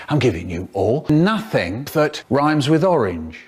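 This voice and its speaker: Animated older man reciting comic rhymes. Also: mid-range voice, moderate pace, few pauses, husky. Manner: playful, animated storytelling delivery.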